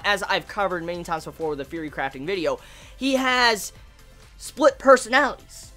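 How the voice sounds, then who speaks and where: A woman giving an excited, casual manga review, swearing freely and bursting into shouts. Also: a little high.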